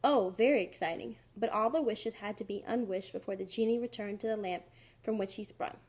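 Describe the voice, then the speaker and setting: A woman's voice: mid-range voice, fairly quick. Woman reading a children's book aloud. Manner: clear, expressive. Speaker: narrator.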